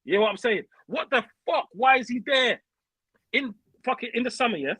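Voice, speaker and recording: Bright-voiced angry young man. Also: very high voice, lively intonation, brisk, slightly rough, dry recording, poor audio. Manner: swearing, heated, uses slang. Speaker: caller. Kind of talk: angry fan rant.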